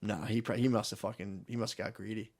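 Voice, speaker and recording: A man's voice: on the low side, fairly even intonation, quick pace, a little mellow. A man co-hosting a podcast, telling a rambling, profane story in casual chat. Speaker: podcast co-host.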